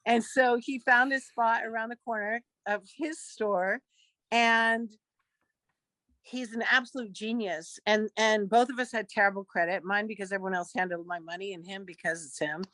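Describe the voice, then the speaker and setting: A woman's voice: medium pitch, moderate pace, dry recording. A woman in her fifties, a guest actress, telling stories in a casual interview and acting out the dialogue as she goes. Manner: lively storyteller who acts out quoted dialogue.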